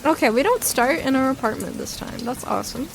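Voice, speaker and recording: A woman's voice: sits high, fairly quick, gravelly, noisy background. A woman casually commenting while she plays a story game, laughing often and swearing freely. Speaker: gamer reading a visual novel aloud. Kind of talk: casual let's-play commentary.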